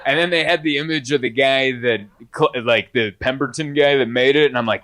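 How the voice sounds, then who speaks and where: A man performing a stand-up comedy set, animated and swinging into high, exaggerated bits. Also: a little fast, few pauses.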